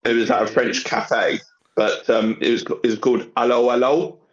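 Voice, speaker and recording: A man's voice: mid-range voice, steady tone, normal speed, lo-fi sound. A man from England, guesting on a casual podcast with wry teasing. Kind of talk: casual group podcast banter.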